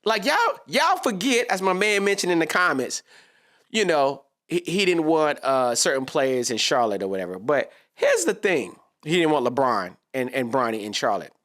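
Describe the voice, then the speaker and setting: A man's voice: a little high, very animated, normal speed, a bit bright. A man giving a casual, slangy sports reaction monologue, talking straight to his viewers.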